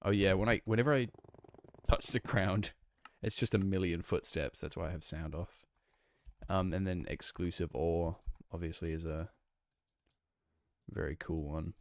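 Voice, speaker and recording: A man's voice: low-pitched, moderate pace, dry recording. A young man with a northwest English accent close to Manchester, chatting casually with his stream chat while he plays, rambling and restarting his sentences. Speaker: game streamer.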